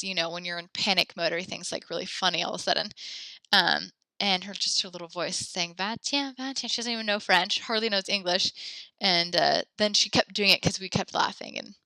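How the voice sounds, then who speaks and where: A woman's voice: mid-range voice, creaky, pushed and bright, no room sound. A young adult woman teaching a French class, upbeat and encouraging, chatty with fillers as she explains. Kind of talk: online class lesson.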